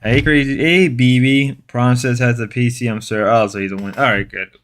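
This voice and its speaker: A man reads chat on a live stream, joking with viewers in a sarcastic, mock-macho way as he rambles, repeating and restarting phrases. His voice is medium-pitched and fairly bright, with fairly even intonation, a moderate pace and a little hiss or hum.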